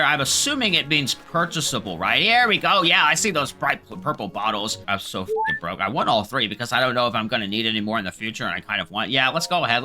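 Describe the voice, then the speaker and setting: A man rambles and jokes through casual gameplay commentary, his bright voice leaping around in pitch, with the odd curse thrown in. Faint game music hums underneath. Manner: rambling, joking, swearing, animated. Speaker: gaming video host.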